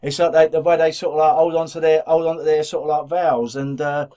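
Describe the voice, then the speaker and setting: A man's voice: on the high side, level tone, fast, warm tone. Chatty middle-aged Black Country man. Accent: Black Country English. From England. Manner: rambling, repeats words and restarts often. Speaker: podcast co-host. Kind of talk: casual chat.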